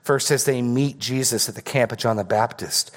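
A man's voice: medium pitch, moderate pace. Earnest man preaching a sermon. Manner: earnest, repeats words for emphasis. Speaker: pastor. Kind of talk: expository sermon.

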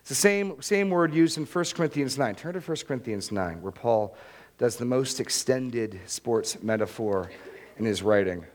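Earnest and conversational, a male pastor delivers a sermon, often starting his phrases over. He has a medium-pitched voice and speaks in an animated way at a moderate pace.

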